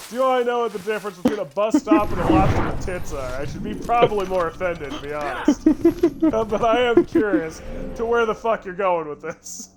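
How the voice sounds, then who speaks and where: A man's voice: sits high, normal speed, background noise. A young man co-hosting a gaming stream, chatting casually, swearing, laughing and tripping over his words. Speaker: co-host of a gaming channel. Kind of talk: casual let's-play banter. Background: game music.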